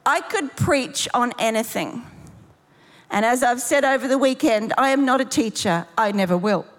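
A woman pastor delivers a sermon in a slightly high voice, building force through repeated declarations. She speaks from the platform of a large church auditorium. A long reverb trails off every phrase. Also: moderate pace. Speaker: pastor, guest preacher. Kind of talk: sermon with closing prayer.

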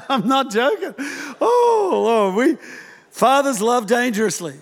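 High-voiced man preaching in a reverberant hall. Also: slow. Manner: animated, acts out parents' voices with humor. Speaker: pastor. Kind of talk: sermon.

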